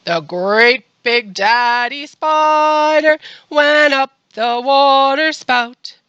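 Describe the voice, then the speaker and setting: A woman voicing a great big daddy spider, singing slowly and loudly in a children's song. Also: sits high, dry recording, lo-fi sound, heavily acted. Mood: bold.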